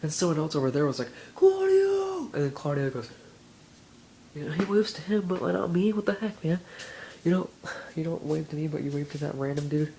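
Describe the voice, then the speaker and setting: Rambling teenage guy with gravelly voice. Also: on the high side, fast, a little hiss or hum, poor audio. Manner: rambling, excitable, heavy on "like" and "you know". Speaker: vlogger. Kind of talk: casual rambling vlog.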